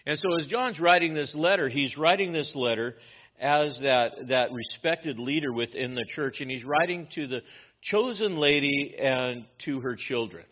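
A man's voice: mid-range voice, normal speed, highs cut off. A male pastor giving an explanatory sermon, teaching from a Bible letter with frequent restarts.

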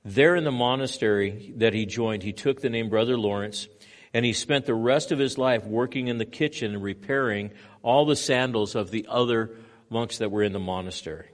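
A man pastor preaching a sermon, moving between loud emphatic stretches and quiet hushed passages. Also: medium pitch, moderate pace.

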